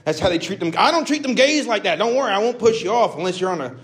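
A man's voice: high-pitched, lively intonation, quick pace, a bit bright, pitched above the performer's own voice. A male comedian voicing a crude, rambling Texas redneck character on stage. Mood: mock-friendly. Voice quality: crude, drawling, self-mocking patter. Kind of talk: stand-up character bit.

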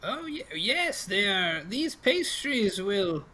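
A man voicing a hunchbacked old woman who sells pastries, speaking slowly in a high, drawn-out, sing-song way. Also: very animated, pushed and bright, full character voice. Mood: sinister sweet.

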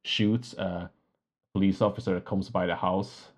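A man's voice: sits low, fairly even intonation, a little slow. A man co-hosting a film podcast, enthusiastic and full of fillers and laughs. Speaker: podcast co-host. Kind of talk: casual film discussion.

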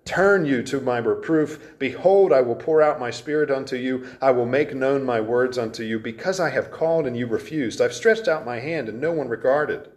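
A man's voice: medium pitch, normal speed, hardly any pauses. A man preaching an expository sermon in an earnest, emphatic way, with frequent restarts as he explains the verses.

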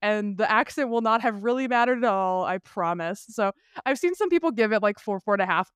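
A man's voice: high-pitched, expressive, fairly quick, fairly bright tone, clear, resonant tone, no room sound, studio quality. A man co-hosting a film podcast, chatting casually and animatedly with lots of restarts and the odd swear. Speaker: podcast co-host.

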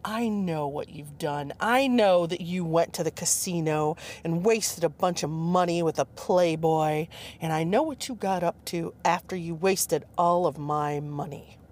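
A woman's voice: fairly low pitch, a little slow, darkish tone, lightly acted. A woman doing a stern, judgmental man.

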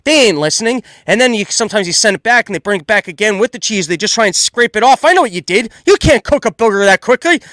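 A man in his thirties hosting a solo podcast, loud and exasperated as he rants in comedic commentary. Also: high voice, animated, quick pace, hardly any pauses, no echo. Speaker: podcast host.

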